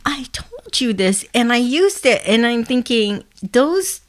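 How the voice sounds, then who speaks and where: Woman, podcast co-host, casual chat, animated storyteller, very expressive pitch. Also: takes it slowly. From United States. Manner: animated storyteller, chuckles as she talks.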